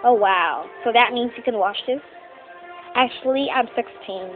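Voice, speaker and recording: A woman voicing teenage doll characters in a homemade skit, talking in a halting, rambling way and often clearing her throat. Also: on the high side, phone-quality sound, soft background music.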